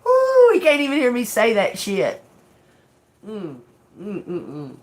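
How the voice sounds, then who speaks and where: A woman's voice: medium pitch, wildly swooping pitch. An older woman, hosting a casual tarot livestream, giggling and laughing through her words, with plenty of swearing. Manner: giggly, laughing through speech, profane, slow drawl. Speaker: tarot reader livestream host.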